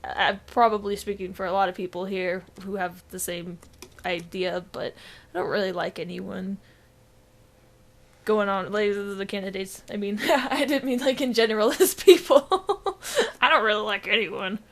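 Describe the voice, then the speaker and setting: A woman's voice: mid-range voice, moderate pace. A young woman co-hosting a casual gaming podcast, rambling with lots of fillers and giggles. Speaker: podcast co-host.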